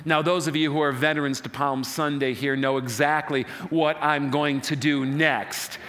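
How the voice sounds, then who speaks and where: A man preaching a sermon as pastor, animated, rousing his congregation in call-and-response. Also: fairly high pitch, moderate pace.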